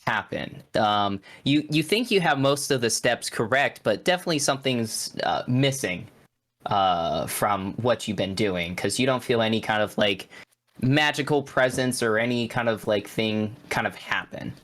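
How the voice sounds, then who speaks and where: Brief: relaxed male game master, halting narration full of ums and likes. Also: mid-range voice. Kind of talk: narrating a tabletop horror game.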